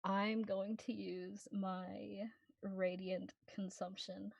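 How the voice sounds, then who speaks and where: A woman's voice: mid-range voice, flat delivery, slow, creaky, breathy edge, no echo. A woman playing her character in a tabletop game, playful as she describes her actions. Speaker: player. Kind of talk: tabletop role-play.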